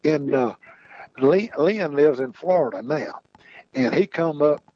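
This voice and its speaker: A man's voice: a little high, expressive, measured pace, warm tone, lo-fi sound. A man telling rambling folksy stories in casual chat, repeating "he said" as he goes. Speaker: podcast guest storyteller. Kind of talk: casual storytelling.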